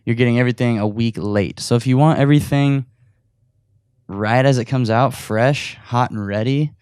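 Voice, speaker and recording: A man's voice: mid-range voice, moderate pace, darkish tone, clean tone, dry recording, clean studio sound. A man hosting his own podcast, chatting casually and laughing at himself, a bit out of breath, recorded in his room at home. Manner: chatty and self-deprecating, laughing often. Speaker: podcast host. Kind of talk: casual solo podcast while gaming.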